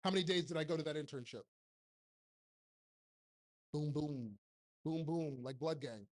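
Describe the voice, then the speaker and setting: A man's voice: fairly high pitch, measured pace. Forties guy on stage w a handheld mic, blunt and jokey, lots of rhetorical questions. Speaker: keynote speaker and TV producer. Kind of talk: live motivational talk to an audience. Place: live event stage in front of an audience. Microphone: handheld microphone.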